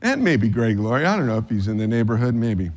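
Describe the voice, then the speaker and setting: A man's voice: medium pitch, very animated, fast talker. A man pastor giving a sermon in a conversational way, with joking asides.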